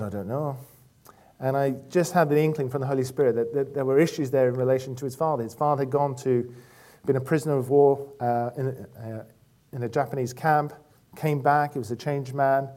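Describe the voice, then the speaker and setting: A man giving a relaxed, conversational church talk, full of anecdotes and fillers. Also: medium pitch. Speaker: church speaker.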